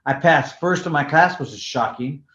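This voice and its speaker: A former pro boxer from California tells his story in a loose, animated interview, swearing and restarting as he goes. His voice sits a little high for a man. The recording is roomy and somewhat dull. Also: moderate pace. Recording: roomy, slightly dull sound.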